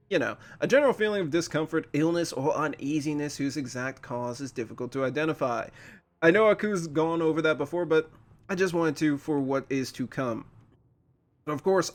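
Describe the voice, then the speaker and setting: A man hosting a casual episode reaction review, chatty and quick with frequent laughs. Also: a little high. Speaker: channel host.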